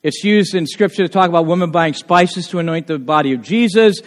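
A man preaching a sermon, often asking the congregation questions and slowing down to stress key words. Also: sits high, big-room sound. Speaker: pastor.

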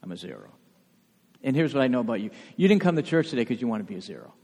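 A man preaching a sermon as pastor, emphatic, with rhetorical questions and sudden soft asides. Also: medium pitch, very animated, racing, vocal fry, husky, long reverb tail. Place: church sanctuary.

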